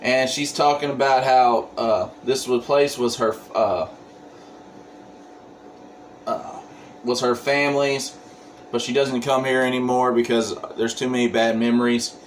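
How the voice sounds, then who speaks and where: A man's voice: medium pitch, fairly even intonation, unhurried, pauses often, slight background noise, poor audio. A man casually recapping a comic book plot, full of ums and restarts. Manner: rambling, many ums and restarts.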